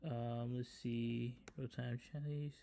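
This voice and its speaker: A man's voice: mid-range voice, level tone, slow pace, creaky, warm tone. A man hosting a casual coding tutorial, talking hesitantly with many restarts. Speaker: tutorial host, developer. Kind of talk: casual screen-recorded tutorial.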